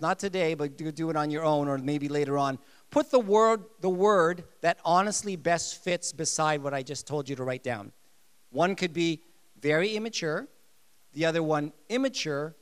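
A man preaching a sermon, emphatic and lively, repeating his key phrases. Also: fairly high pitch, smooth. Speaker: pastor.

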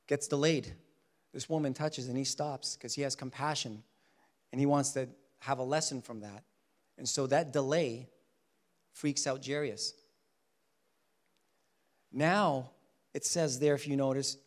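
A man preaching a Bible-teaching sermon in an animated way, often acting out the people he quotes. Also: medium pitch, measured pace, long pauses. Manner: animated, acts out quoted voices.

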